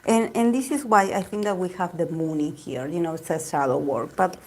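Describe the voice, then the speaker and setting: Lady doing a chatty tarot reading, kinda low voice, rambles and repeats stuff. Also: fairly quick. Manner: rambling, repeats herself, many "you know" and "like" fillers. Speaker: tarot reader. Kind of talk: casual tarot reading monologue.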